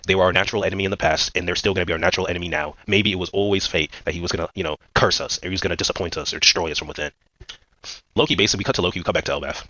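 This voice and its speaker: A man's voice: low voice, sharp tone, no room sound, lo-fi sound. A man giving a casual, rambling recap of a manga chapter, full of fillers and slang. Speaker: manga commentator.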